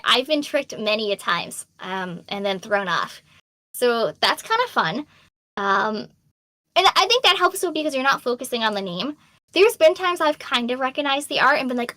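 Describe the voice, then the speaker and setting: Fans' questions get read aloud and answered openly by a young adult female voice actor with a slight Boston accent during a casual Q&A stream full of ums and laughs. Her voice is a little high with big pitch swings, bright and forceful, at a moderate pace in a dry recording.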